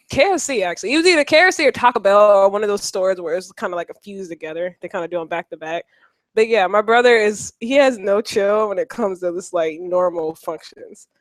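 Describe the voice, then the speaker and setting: A woman's voice: medium pitch, no echo. A woman co-hosting a podcast, telling a family story in casual chat, laughing and acting out the people in it. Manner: laughs a lot, acts out voices in stories. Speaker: podcast co-host.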